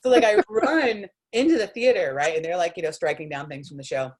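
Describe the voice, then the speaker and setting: Low-voiced woman telling an animated story. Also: a little fast. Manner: animated, acts out quotes with lots of "like". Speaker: host. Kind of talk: casual storytelling chat.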